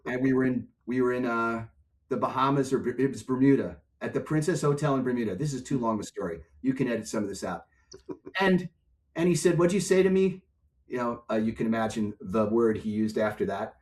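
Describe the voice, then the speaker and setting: Older man telling a lively story. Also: medium pitch, a little fast. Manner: animated storyteller, acts out voices in anecdotes. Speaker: guest, music and software executive. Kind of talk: storytelling in a podcast interview.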